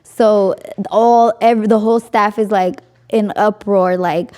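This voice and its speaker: Young woman, podcast host, casual storytelling, mellow tone, laughs often. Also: mid-range voice, steady tone, measured pace. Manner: chatty, frequent "like", laughs often.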